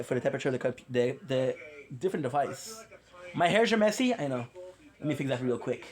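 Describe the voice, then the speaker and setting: A man vlogging about mobile games from his apartment in a casual, rambling, joking way, often correcting himself. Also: on the high side. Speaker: gaming vlogger. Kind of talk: casual chat to viewers.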